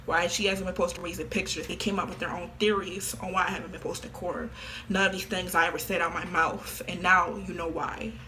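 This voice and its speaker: Offhand slangy young-sounding woman, bright voice. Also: fairly low pitch, little pitch movement, brisk, slight background noise. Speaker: vlogger. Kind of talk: casual confession to camera.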